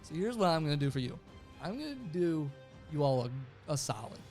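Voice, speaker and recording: A man's voice: a little high, very animated, a little fast, a little mellow, faint music behind. A man voicing a smug male inquisitor who talks like a pushy salesman. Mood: wheedling. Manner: wheedling salesman patter. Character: smug male inquisitor making a sly offer.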